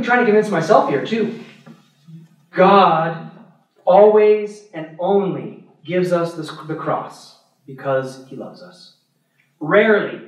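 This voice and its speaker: A priest gives an animated adult formation talk, his voice high and bright, and he breaks into laughter while telling stories. He sounds far from the microphone in a very echoey church hall.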